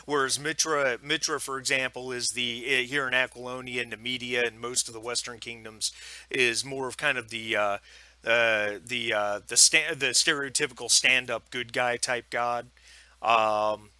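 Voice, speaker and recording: A man's voice: mid-range voice, steady tone, moderate pace, pushed and bright, dry recording. A man narrating as game master for a tabletop role-playing game, rambling with many ums and restarts.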